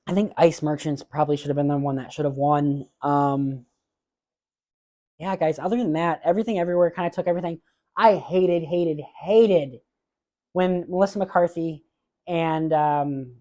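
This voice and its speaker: A man hosting a solo movie podcast, chatting casually and giving blunt opinions with frequent filler pauses. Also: a little high, darkish tone. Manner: openly emotional about awards moments.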